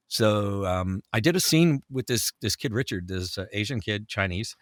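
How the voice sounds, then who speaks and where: Man from Canada, voice actor guest, animated raconteur, forceful tone, dead-dry close mic. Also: on the low side, moderate pace, few pauses, no room sound. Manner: animated storyteller, acts out quotes. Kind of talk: casual anecdotal chat.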